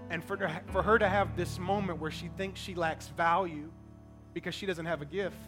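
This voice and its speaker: A man in his thirties preaching a sermon, telling personal stories in an emotional, conversational way. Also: sits high. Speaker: pastor.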